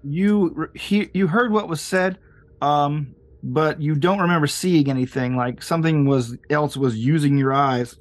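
A man narrating as game master with many pauses and fillers. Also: on the high side, no room sound.

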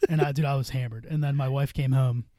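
A man's voice: medium pitch, fairly even intonation, fast, mellow, dry recording, clean studio sound. A young man co-hosting a podcast, telling rambling, profane stories in casual chat and laughing often. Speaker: podcast co-host.

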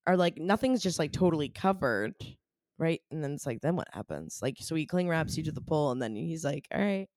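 Female podcast co-host, expressive swooping delivery, dry close-miked sound. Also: low voice, a little fast, no room sound. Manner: lively, lots of agreeing yeahs, joking. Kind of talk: casual chat.

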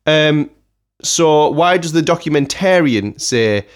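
A man's voice: on the high side, very animated, brisk. A man, co-hosting a casual film review podcast and listing the film's faults with sarcasm. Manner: sarcastic, lists complaints point by point. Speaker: podcast co-host.

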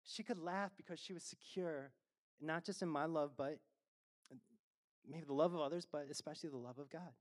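A man's voice: fairly high pitch, moderate pace. A middle-aged man preaching a sermon as a pastor, conversational and self-deprecating, with frequent fillers and laughs.

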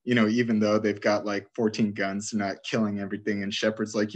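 A man's voice: on the low side, fairly even intonation, normal speed. A man chatting casually about a video game he loves, rambling through favorite scenes and laughing as he retells them.

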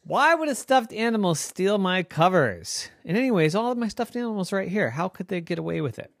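A man's voice: lively intonation, brisk, vocal fry, no room sound, studio quality. A man voicing a squealing, whiny little boy. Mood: upset. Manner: high, squealing and indignant. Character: whiny lazy little boy who loves his bed.

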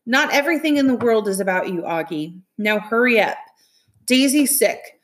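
Brief: woman reading as a tearful, urgent teen girl in a storybook, voice lifted higher. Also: animated, moderate pace, lightly acted. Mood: upset, tearful. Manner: pleading, tearful. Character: worried teenage girl, big sister.

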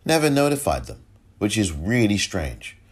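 A man hosting a solo commentary podcast, emotional and halting, often repeating himself. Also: lowish voice, very animated, slightly rough. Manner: emotional, halting, repeats himself, audibly moved to near tears. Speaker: podcast host.

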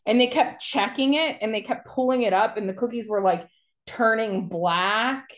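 A woman's voice: a little high, moderate pace. A woman co-hosting a podcast, telling long rambling stories in casual chat and mimicking the people she describes. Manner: rambling, animated storytelling with mocking quotes. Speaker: podcast co-host.

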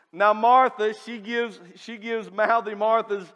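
High-voiced preacher in reverberant church. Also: male voice, little pitch movement, lo-fi sound. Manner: emphatic preaching with big swings in loudness and drawn-out lines. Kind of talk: sermon. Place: church sanctuary. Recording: long hall reverb.

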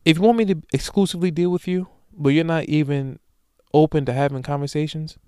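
A man's voice: fairly high pitch, steady tone, fairly quick, mellow, clear, resonant tone, no echo, studio quality. A young man hosting a solo podcast, talking casually and profanely in slang, rambling through stories and often asking "you know what I'm saying". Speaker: podcast host.

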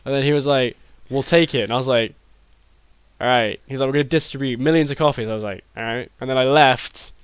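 A young British man telling a rambling, deadpan comedy story with many restarts, as a podcast co-host. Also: medium pitch, fast, smooth, no echo. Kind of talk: improvised comedy chat.

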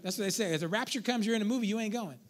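A man's voice: high voice, racing. A man preaching a sermon as pastor, conversational and playful, calling out to the congregation.

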